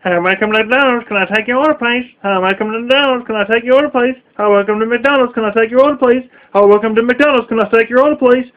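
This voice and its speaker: A man mimicking a fast-food drive-thru greeter, repeating the same greeting mechanically. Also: very high voice. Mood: mocking. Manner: mechanical, repetitive. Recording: dull lo-fi recording.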